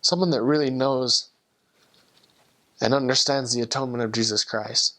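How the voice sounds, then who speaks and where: A man's voice: medium pitch, steady tone, moderate pace, bright, forceful tone. A young man, a returned missionary, earnestly telling a personal story with heartfelt emotion and frequent restarts.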